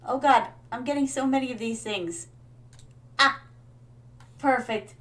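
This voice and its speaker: A woman's voice: fairly high pitch, measured pace, fairly bright tone. A woman streaming a game, chatting casually and telling stories to viewers she calls her darlings. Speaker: VTuber streamer.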